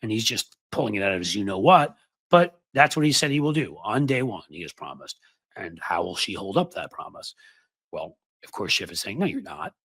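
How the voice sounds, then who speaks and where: Husky guy ranting about politics, sarcastic, voice jumps all over, dry sound. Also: on the low side, fairly quick, no room sound. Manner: sarcastic, mocking, lively. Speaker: political commentator host. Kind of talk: casual political commentary.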